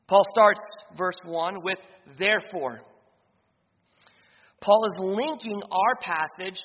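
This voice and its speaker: A man preaching an expository sermon as pastor, restating his points and pausing on fillers. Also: high-pitched. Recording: dull, slightly noisy reverberant hall.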